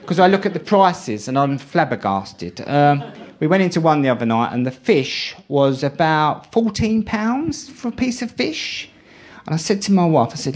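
A man's voice: a little high, animated, normal speed. A middle-aged man doing live stand-up, telling stories in a wry, exasperated way. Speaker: stand-up comedian. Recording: loud audience laughter from a live show. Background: audience laughing.

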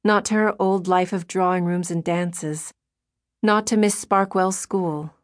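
A woman narrates a novel as an audiobook reader, using a measured storytelling style. Her voice sits somewhat low with fairly even intonation, and the narration is scripted.

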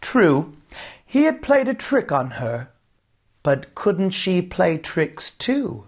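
A man narrating a children's storybook in an expressive, unhurried way. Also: sits high, slightly rough. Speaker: audiobook narrator.

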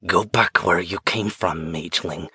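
A man voicing a rasping, whispering possessing spirit. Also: low-pitched, unhurried, sharp tone, dry recording, pitched below the performer's own voice, exaggerated voice. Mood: menacing whisper. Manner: menacing, taunting. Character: malevolent spirit possessing a young woman.

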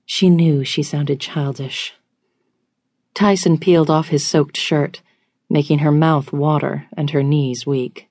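A woman reading a romance audiobook in an even, measured way. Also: sits low, no echo. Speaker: audiobook narrator. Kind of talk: scripted romance narration.

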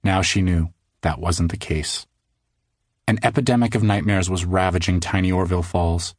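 A man narrating a children's audiobook in a studio, measured storytelling that slows for suspense. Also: low-pitched, fairly even intonation, dry recording. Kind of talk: scripted narration of a children's book.

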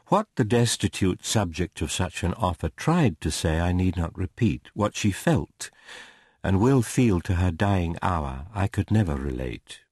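Male audiobook narrator, low voice, animated inflection, measured and expressive. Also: husky, no room sound, studio quality. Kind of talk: dramatic audiobook reading of a classic novel.

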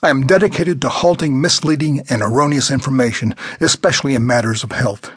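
A stiff, middle-aged physician who corrects people in a precise, formal manner, as a male narrator reads him. His voice is husky and close, with a dry, clipped delivery. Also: mid-range voice, brisk, a bit bright, dry recording.

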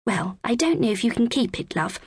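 A woman voicing a soft-spoken, caring mother in a children's audiobook. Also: on the high side, very animated, brisk, slightly rough, no room sound, clean studio sound, voice pushed up, heavily acted. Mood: gentle. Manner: soft, warm-hearted.

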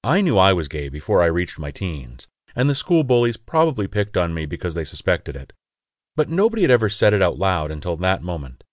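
A man's voice: low voice, big pitch swings, fairly quick, no echo. A man reading a first-person audiobook in an intimate, confessional way, on a close studio mic. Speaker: audiobook narrator.

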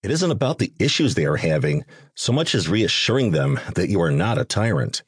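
Man reading a wry, teasing vampire sidekick in a lively, husky voice. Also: low-pitched, a little fast, no room sound, clean studio sound, full character voice. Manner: sarcastic and teasing. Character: sarcastic teasing vampire companion.

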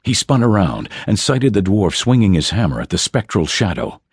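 A man's voice: lowish voice, big pitch swings, moderate pace, breathy edge, dry recording. A man narrating a fantasy audiobook in a dramatic storytelling manner, recorded on a close studio mic.

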